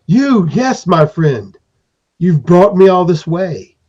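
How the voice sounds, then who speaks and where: A man's voice: sits high, big pitch swings, slow, dark tone, voice pushed up, exaggerated voice. A man voicing a grand little robed creature lord who speaks in stately, old-fashioned phrases. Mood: grandiose. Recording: dull lo-fi recording.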